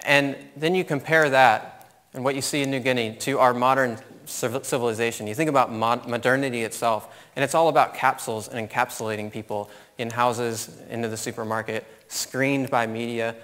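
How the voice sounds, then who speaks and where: A man in his thirties giving a conference talk, telling a personal story in an animated way and laughing at his own story. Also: medium pitch, normal speed. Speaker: conference speaker. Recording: long hall reverb.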